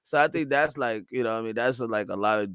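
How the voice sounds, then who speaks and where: A man's voice: medium pitch, quick pace, clean tone, no room sound, clean studio sound. A man co-hosting a podcast, welcoming listeners and telling stories with friends in a joking manner. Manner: animated, storytelling, joking. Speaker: podcast co-host. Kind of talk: casual chat.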